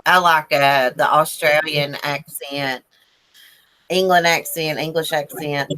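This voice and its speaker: Bright-voiced woman hosting a live stream. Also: deep voice, fairly even intonation, slow, low-quality recording. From Northern Virginia. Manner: chatty, greets viewers by name. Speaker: livestream host. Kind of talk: casual live-stream chat.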